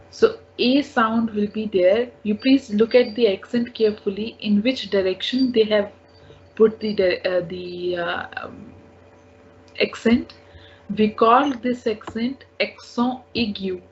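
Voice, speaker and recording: Slow, patient woman teaching French. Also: mid-range voice, a little mellow, a little hiss or hum. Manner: patient, repeats each word several times. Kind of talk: slow language lesson. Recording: dull lo-fi recording.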